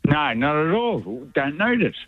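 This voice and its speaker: A man's voice: a little high, big pitch swings, normal speed, dry recording. An Australian man calling in to a talkback radio show, rambling and jokey, who keeps losing his thread. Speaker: caller. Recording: muffled phone line.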